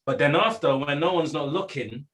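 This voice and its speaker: A man, a teacher in a Bible study discussion, telling a classroom story in a casual, lively way and often repeating words. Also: a little high, normal speed, rough recording.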